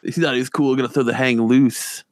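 A man's voice: medium pitch, steady tone, fairly quick. A man co-hosting a casual podcast chat, chiming in with dry jokes.

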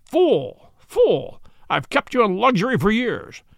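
A man's voice: high voice, big pitch swings, fairly quick, gravelly, a bit bright, dry recording, studio quality, heavily acted. A man reading aloud, voicing a proud, haughty male detective in a lofty, theatrical manner. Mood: fierce scorn.

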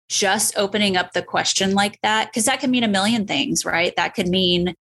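Woman, clinician, mid-pitch voice, casual podcast talk, upbeat, laughs a lot. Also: steady tone, fairly quick, few pauses. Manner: laughs often, warm and upbeat.

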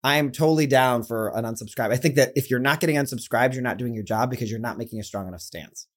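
A man guest in a casual interview, talking fast and chatty with many asides. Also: medium pitch. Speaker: podcast guest, business coach.

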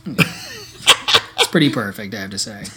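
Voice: medium pitch, huge pitch swings, unhurried, very noisy. A podcast co-host in casual chat, making wry, questioning asides with laughter.

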